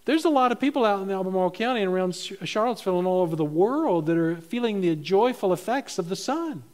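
A male pastor delivering a sermon in his church, his voice pitched notably high. He is animated, climbing to loud emphatic peaks and then dropping to quiet, low asides. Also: quick pace.

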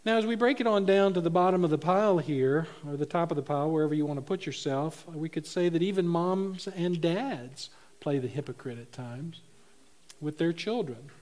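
A man's voice: a little high, moderate pace, darkish tone. A middle-aged man preaching a sermon, telling funny stories and laughing at his own jokes. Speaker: pastor.

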